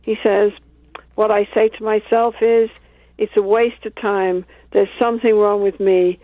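A woman talks calmly about her work as a couples therapist, walking through examples from sessions. Her voice comes through a narrow, tinny line with a dry sound. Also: medium pitch, a little slow, no room sound. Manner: calm, explains with acted-out examples. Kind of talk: interview conversation.

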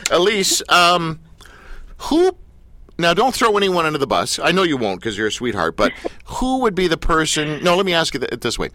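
A man hosting a talk show, asking questions in a playful, animated way. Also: a little high, normal speed, dry recording.

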